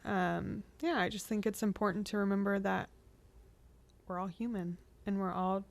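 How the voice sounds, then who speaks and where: A woman's voice: mid-range voice, level tone, moderate pace, creaky. Reflective woman chatting on a podcast. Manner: reflective, frequent restarts and laughs. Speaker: podcast co-host. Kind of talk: candid conversational podcast chat.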